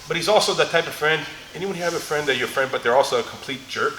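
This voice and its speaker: Speaking a little high and quickly, this middle-aged instructor runs a live martial arts seminar full of anecdotes, cracking jokes, laughing a lot and showing moves as he goes. He's in a big training gym with lots of echo. Background noise is heavy, on top of the room's echo and faint ambience.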